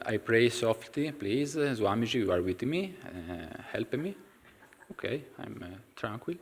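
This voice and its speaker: A man with an Italian accent giving an informal talk to a class, pausing often and searching for words in English. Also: medium pitch, fairly bright tone. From Italy. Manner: halting, searching for English words with many fillers. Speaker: community member sharing a story. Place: temple hall.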